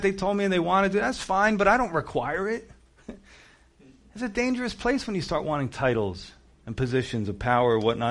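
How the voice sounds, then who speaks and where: Man, pastor, animated sermon, acts out voices, jokey asides, slightly high-pitched voice. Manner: animated, acts out quotes with shifting pitch and volume; conversational, jokey asides with laughter.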